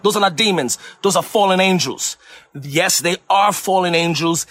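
A man's voice: sits high, lively intonation, normal speed, fairly bright tone. A man from Puerto Rico preaching in an emphatic way, often repeating phrases for emphasis. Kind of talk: sermon-style teaching.

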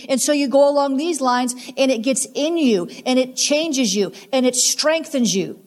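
A high-pitched woman delivering a sermon. She drives her points home with repeated, emphatic commands and speaks straight to her listeners. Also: normal speed, hardly any pauses. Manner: emphatic, repetitive exhortations. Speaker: preacher.

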